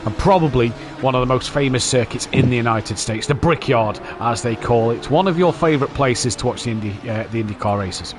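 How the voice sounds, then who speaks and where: A male host opens a sim racing broadcast in a lively, broadcaster style. His voice sits at an ordinary mid pitch. A little background noise hangs behind him. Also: fairly quick, few pauses. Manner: upbeat broadcast-style introduction. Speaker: host commentator.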